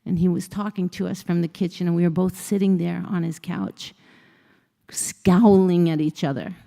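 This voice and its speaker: A woman motivational speaker with a fairly low, dark voice, some vocal fry and fairly even intonation talks at normal speed. Her storytelling keynote, given on a conference stage in a large hall, recounts a personal story with the dialogue acted out in varied voices. The sound carries a long hall reverb.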